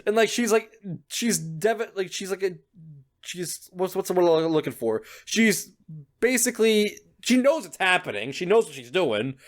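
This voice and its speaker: A young man playing through a visual novel, reacting in an animated, flustered way with frequent laughs and swearing. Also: high voice, moderate pace. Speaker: gaming YouTuber. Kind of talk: visual novel playthrough commentary.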